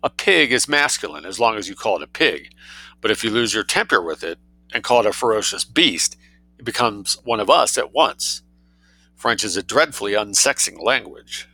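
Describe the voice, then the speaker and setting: A man narrating a story aloud in a wry, lively reading voice, adding his own commentary. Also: fairly low pitch, normal speed, no echo, rough recording. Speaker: reader and commentator.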